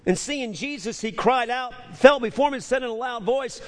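A man preaches a sermon in a high voice, stumbling over restarts and hammering phrases through repetition. His voice rings with the long reverb of a large hall. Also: sing-song, normal speed, few pauses. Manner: stammering restarts, emphatic repetition. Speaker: pastor.

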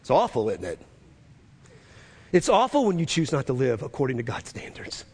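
A male pastor preaching a sermon, emphatic and repeating his key phrases, sometimes shouting them. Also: medium pitch, wildly swooping pitch, moderate pace, husky. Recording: long reverb of a large hall.

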